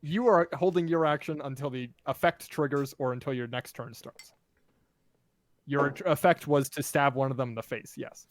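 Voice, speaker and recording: A man's voice: mid-range voice, moderate pace. A man running a tabletop game as game master, casually counting out moves and rulings. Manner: casual, counts out movement step by step.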